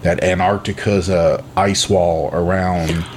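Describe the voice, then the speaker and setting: A man co-hosting a casual chat show, talking in halting bursts with many restarts. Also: deep voice, little pitch movement, a little mellow. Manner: halting, restarts often, drawn-out. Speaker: podcast co-host. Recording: faint background noise.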